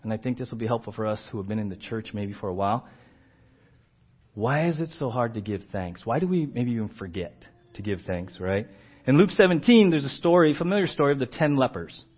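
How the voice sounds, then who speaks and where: A man's voice: mid-range voice, breathy edge. A man preaching a sermon as a pastor, engaging the listeners with frequent rhetorical "right?" and dramatic emphasis. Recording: dull lo-fi church audio.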